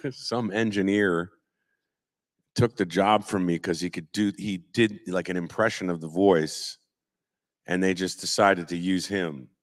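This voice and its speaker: Man, low-ish voice, convention panel guest, animated storyteller. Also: measured pace. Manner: animated storyteller, slips into impressions. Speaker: voice actor guest. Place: convention auditorium stage.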